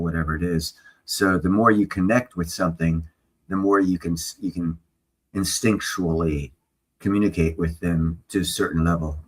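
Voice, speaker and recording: Husky, low-voiced blunt man. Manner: blunt, swears freely, opinionated. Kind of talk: casual livestream chat.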